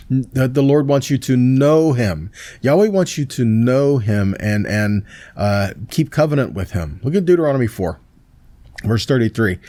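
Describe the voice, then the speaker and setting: A male pastor reads Bible verses aloud and then unpacks them in a relaxed, conversational way, pausing to ask his listeners "right?" and "see that?". His voice sits at a middle pitch. The sound is dry and close, with no room echo. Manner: conversational, with fillers and restarts. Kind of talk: Messianic Torah teaching.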